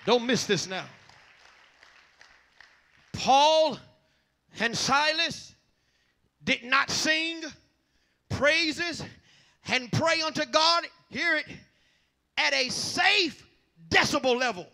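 A man with a Southern accent preaching a revival sermon, shouting in bursts and filling pauses with "uh". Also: extremely high pitch, lively intonation, creaky, some chatter behind.

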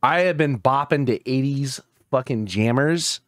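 A man's voice: mid-range voice, a little slow, dry recording, studio quality. A man co-hosting a casual podcast, joking and swearing often. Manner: joking, profane, breaks into quoted voices. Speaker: podcast co-host.

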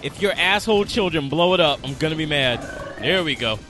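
A man's voice: a little high, animated, fairly quick, music in the background. A man doing game commentary, rambling through explanations and swearing at the enemies on screen. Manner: swears and scolds the game's enemies; rambling, self-repeating explanations. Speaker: let's play host.

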